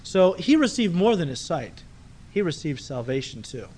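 A pastor preaching a sermon in a conversational way, asking rhetorical questions and acting out the people in the story. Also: male voice, fairly high pitch, big pitch swings, normal speed, a little mellow.

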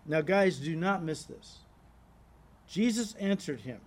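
A man's voice: on the high side, lively intonation, slow, pauses often. A pastor preaching an expository sermon, earnestly reading scripture and explaining it to his congregation. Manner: earnest, emphatic teaching, addresses listeners as "guys"; reads scripture aloud and explains it.

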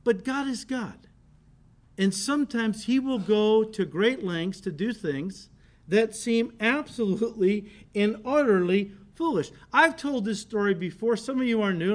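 A middle-aged man preaches in a high, bright register. He tells his story with animated energy, dropping low and then rising loud, and chuckles along the way. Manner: storytelling with animated shifts in volume, laughing. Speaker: pastor. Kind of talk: sermon.

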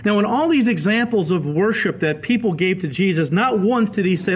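A male pastor giving a radio Bible teaching sermon, telling the stories in a lively way and acting out the quoted voices. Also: sits high, moderate pace, slightly rough. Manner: animated storytelling, acts out quoted voices.

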